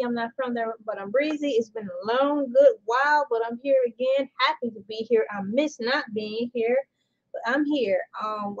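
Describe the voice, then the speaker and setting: A woman voicing a laid-back female celebrity-news persona in a relaxed, drawling manner. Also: high-pitched, lo-fi sound, pitched below the performer's own voice.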